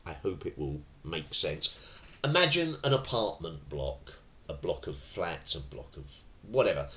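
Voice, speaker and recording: A middle-aged male tai chi instructor who tells his lessons as stories. His pitch swings widely, and he sits fairly low in his range. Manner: animated storyteller who acts out voices. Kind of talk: teaching talk with anecdotes.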